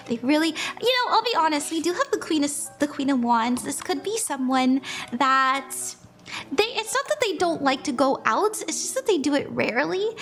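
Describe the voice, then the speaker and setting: A woman's voice: high voice, a bit bright. A young woman doing a casual live-stream tarot reading, chatty and bubbly, laughing often and greeting viewers by name.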